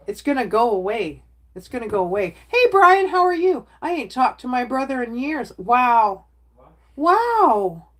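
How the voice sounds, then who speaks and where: A middle-aged woman chatting candidly with her viewers on a casual livestream. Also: medium pitch. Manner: candid, talks straight to chat, plain-spoken.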